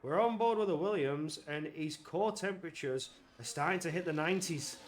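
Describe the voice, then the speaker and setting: A man giving live commentary on an online racing league, getting excitable and loud when the action heats up. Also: fairly high pitch, moderate pace, slight background noise. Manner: excitable, rises to shouts at action.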